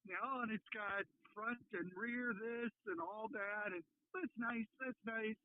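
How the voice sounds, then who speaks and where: A man calling in to a radio show from Minnesota, chatting in an expressive way and stretching words for effect. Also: high voice, a little slow, no echo. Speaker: radio guest on a phone line. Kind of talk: casual radio chat. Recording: tinny phone line.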